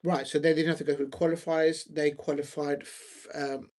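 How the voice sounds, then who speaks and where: A man with a slightly high voice, talking football on his own channel in a loose, rambling way. He hesitates often, filling gaps with ums and starting sentences over, and sounds a bit scattered as he hunts through his notes between thoughts. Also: little pitch movement, moderate pace, darkish tone. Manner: hesitant, with many ums and restarts. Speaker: football watch-along host. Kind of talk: rambling solo football chat.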